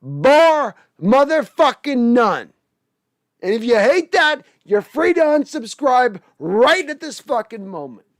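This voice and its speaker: A man hosting a sports podcast, swearing and ranting, moving between heated shouting and low mumbling. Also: big pitch swings, measured pace, few pauses, no room sound. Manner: profane, shifting from fiery shouting to low muttering. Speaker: podcast host.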